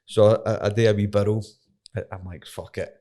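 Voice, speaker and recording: A man's voice: on the low side, steady tone, brisk, mellow. A young Scottish man, an MMA fighter, telling a story in casual, sweary conversation and laughing as he goes. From Scotland.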